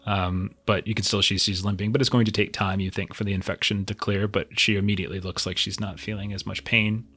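A man's voice: fairly low pitch, flat delivery, a little fast, bright, forceful tone, husky. A man narrating as game master of a tabletop game, describing scenes in a loose, meandering way with many fillers.

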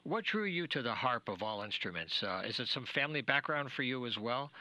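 Bright-voiced chatty male radio host. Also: mid-range voice, lively intonation, a little fast, dry recording, low-quality recording. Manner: chatty, rambling, drops to a hush when telling a personal story. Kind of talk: casual radio interview chat. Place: radio studio.

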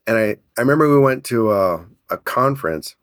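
A man telling a business story in an energetic, animated way, laughing often. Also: mid-range voice, a little fast, dry recording, studio quality. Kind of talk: casual storytelling.

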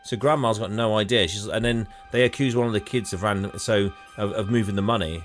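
A man's voice: lowish voice, fairly quick, faint music behind. A man casually recapping a film plot for a podcast, rambling and laughing as he acts out quotes. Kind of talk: casual chat.

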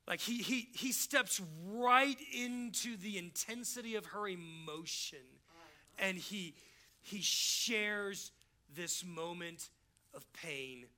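A male pastor preaching with a high voice and a very bright, forceful edge. His delivery is casual and emphatic, and he acts out the people he quotes along the way. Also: slow. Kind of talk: sermon.

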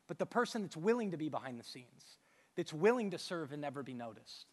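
A man's voice: fairly high pitch, big pitch swings, fairly quick, in a large hall. A man preaching a sermon as pastor, emphatic, with rhetorical questions and repeated phrases. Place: church hall with a stage.

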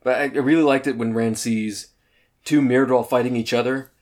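A man's voice: mid-range voice, steady tone, a little fast, darkish tone. A man co-hosting a casual book discussion podcast, chatty and laughing often, sometimes searching for words. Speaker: podcast co-host.

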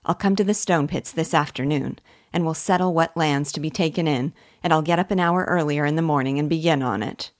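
A woman's voice: low-pitched, fairly quick, close to an everyday voice. A woman voicing an eager, helpful young male gardener who talks in an earnest, rustic way.

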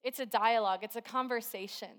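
A woman preacher with a somewhat high voice gives a sermon at a church service. She talks in a relaxed, conversational way and weaves everyday stories into her preaching. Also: fast. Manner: chatty and conversational, with storytelling.

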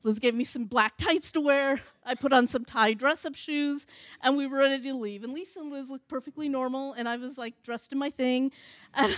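A woman's voice: high voice, pushed and bright. A woman in her forties telling a funny personal story live, chatty and laughing, with many restarts and quoted asides.

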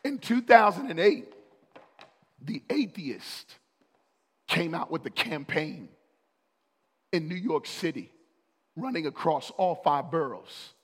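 A man preaching a sermon as a pastor, rising to loud, urgent peaks of emphasis. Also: fairly high pitch, big pitch swings, slow pace, long pauses, slightly rough, in a large hall.

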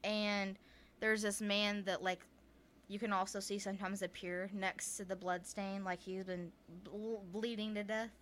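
A woman's voice: mid-range voice, flat delivery, unhurried, a bit bright, a little hiss or hum. A woman with a Southern US accent, co-hosting a podcast and casually retelling ghost stories, full of filler words and laughter. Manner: chatty, many "like" fillers, laughs often. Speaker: podcast co-host.

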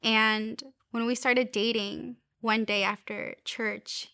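High-voiced young woman giving a halting testimony. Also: little pitch movement, bright, forceful tone, clean tone, no echo, clean studio sound. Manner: earnest, halting with repeated restarts. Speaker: speaker sharing a faith testimony. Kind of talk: personal faith testimony.

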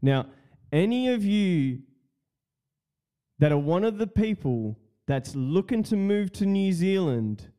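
A man's voice: sits high, animated, takes it slowly, dark tone, clean tone. Laid-back mocking podcast guy. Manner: profane, mocking, laughs often. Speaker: podcast host. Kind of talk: casual solo podcast rant.

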